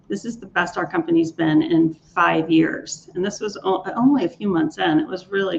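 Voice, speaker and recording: A woman's voice: lowish voice, gravelly. A woman who works as a leadership coach, telling client and marathon stories in an interview with enthusiasm, often restarting her words. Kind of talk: speaker interview storytelling. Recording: dull lo-fi sound with faint noise.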